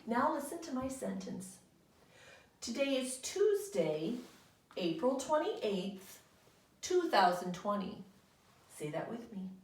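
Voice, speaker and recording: Slow, patient woman teaching young children. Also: fairly high pitch, big pitch swings, distant mic. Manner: slow, patient, sing-song teacher talk with call-and-response. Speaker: kindergarten teacher. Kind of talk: remote classroom lesson. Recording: roomy home recording, voice somewhat off-mic.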